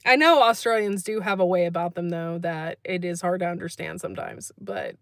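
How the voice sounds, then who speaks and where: A woman's voice: fairly low pitch, sing-song, a little fast, a bit bright, dry recording, clean studio sound. A woman hosting a casual livestream, chatting, laughing often and reading out comments from the chat. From United States. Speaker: livestream host.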